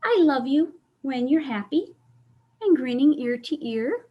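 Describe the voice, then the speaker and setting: A woman's voice: high voice, unhurried, muffled recording. A woman hosting a children's story time over a video call, reading a picture book aloud and asking the children questions. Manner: animated, asks children questions.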